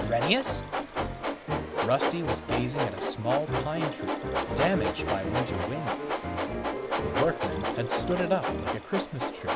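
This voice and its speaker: A man narrating a storybook in a gentle, expressive way. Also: medium pitch.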